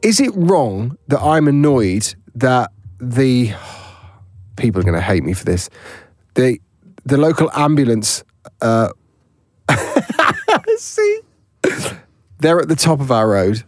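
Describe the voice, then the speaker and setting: A man's voice: medium pitch, wildly swooping pitch, takes it slowly, long pauses, no room sound, studio quality. Teasing podcast co-host, man. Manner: teasing, bantering, chatty. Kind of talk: casual chat.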